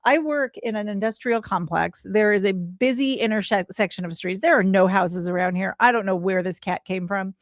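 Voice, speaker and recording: A woman in her forties, a podcast guest, telling a heartfelt personal story in an animated way, acting out the voices she quotes. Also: mid-range voice, moderate pace, hardly any pauses, dry recording, studio quality. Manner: animated, acts out quoted voices, laughs often.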